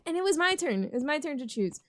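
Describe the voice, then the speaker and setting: A woman's voice: high voice, big pitch swings, quick pace, a bit bright, no echo. A young woman chatting casually while she plays a game, rambling through a story and laughing often as she talks. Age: young adult. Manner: giggly, laughs often mid-sentence. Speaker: gaming channel host. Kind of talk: casual storytelling over gameplay commentary.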